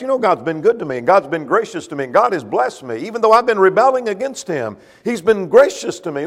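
A male preacher giving a sermon, explaining a passage step by step and asking rhetorical questions. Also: high voice. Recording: long hall reverb.

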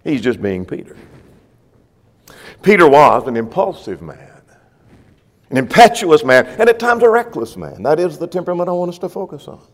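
A man's voice: on the high side, sing-song, normal speed, pauses often, long reverb tail. A man preaching a sermon, walking listeners through the text verse by verse. His delivery swings from strong emphasis down to near-murmured phrases. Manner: expository, guiding listeners verse by verse.

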